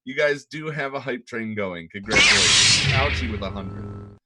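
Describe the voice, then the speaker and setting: A man's voice: lowish voice, moderate pace, heavy background noise. A man co-hosting a casual podcast, stammering often and laughing a lot. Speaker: podcast co-host.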